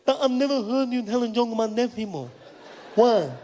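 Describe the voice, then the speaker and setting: A man voicing a brash, excited male fan who talks loudly and insistently. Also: very high voice, a little fast, pitched above the performer's own voice. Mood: eager. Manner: loud, insistent, raised voice.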